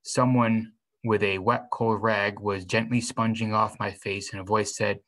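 A man's voice: fairly low pitch, flat delivery, measured pace, fairly bright tone, poor audio. A man reading a novel aloud in the first person, stumbling and restarting now and then. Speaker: reader.

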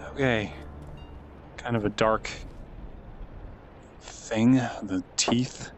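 A man's voice: lowish voice, steady tone, extremely slow, soft background music. A man commentating a live game stream, chatty and easily amazed, reading out and thanking viewers.

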